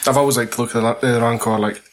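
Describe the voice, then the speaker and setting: A man's voice: medium pitch, steady tone, rapid-fire. A Scottish man co-hosting a casual chat, laughing and swearing as he talks. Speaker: podcast co-host.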